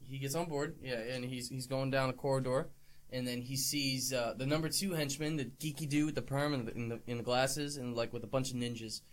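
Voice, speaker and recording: A man's voice: mid-range voice, steady tone, fairly quick. A man co-hosting a podcast, narrating a movie plot casually with wry asides. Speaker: podcast co-host. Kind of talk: casual movie review chat.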